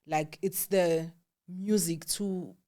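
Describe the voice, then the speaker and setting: A South African woman with a low-pitched voice tells her own story as an interview guest. She talks candidly and animatedly, acting out the voices of the people she quotes, and her voice sinks to a quiet hush in the heavy moments. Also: slow pace. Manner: candid, animated quoting of others, drops to hushed tones. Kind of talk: emotional personal storytelling.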